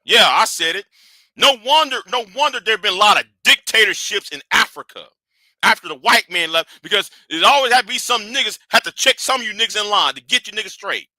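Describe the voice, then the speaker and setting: Man ranting on his stream, bright cutting voice, super dry close sound, cussing and scolding, loud then quiet. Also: high voice, brisk, no echo. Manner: animated, profane, scolding; swings from shouting to hushed. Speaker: livestream host. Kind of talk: heated livestream rant.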